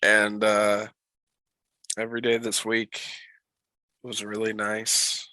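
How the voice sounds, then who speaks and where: A man chatting on a podcast while sick with a cold, telling stories in a profane, animated way. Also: fairly low pitch, slow pace, no echo, rough recording. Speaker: podcast co-host. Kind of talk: casual chat.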